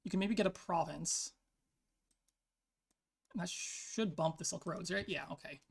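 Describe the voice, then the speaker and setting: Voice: medium pitch, measured pace, creaky, husky. A player thinking aloud in casual commentary over their own online card game match, peppering speech with "like". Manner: thinks aloud, frequent "like" fillers.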